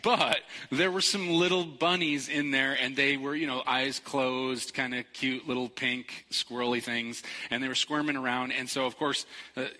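A middle-aged pastor telling a story in a relaxed sermon, joking and putting on squeaky excited voices. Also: male voice, normal speed, few pauses. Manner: playful, animated storytelling with jokes and high-pitched quoted voices. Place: large church hall. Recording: long hall reverb.

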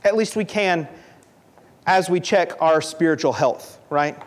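Young male preacher with a high voice, earnest and conversational, repeats points for emphasis. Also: a little slow. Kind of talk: sermon.

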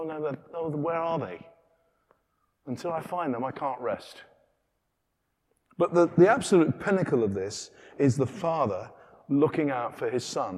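A man preaching a sermon in a chatty, self-interrupting way, acting out little everyday scenes as he goes. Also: on the high side. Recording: long reverb of a hall.

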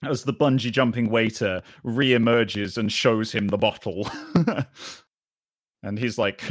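A man with an English accent hosting a tabletop role-playing game, animated and jokey, laughing often. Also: on the low side, takes it slowly, long pauses, no room sound, clean studio sound. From England. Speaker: podcast host and player. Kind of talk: improvised tabletop role-play with chat.

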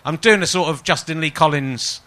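A man's voice: a little high, brisk, pushed and bright. A man hosting a podcast, chatting casually with a guest, jokey and self-mocking, laughing often. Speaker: podcast host. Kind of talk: casual interview chat.

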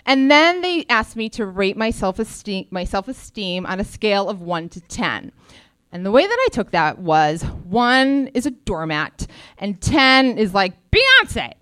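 Lively, wry woman telling a story. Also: mid-range voice, unhurried, smooth, no room sound. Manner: animated, wry, self-deprecating. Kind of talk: live storytelling monologue.

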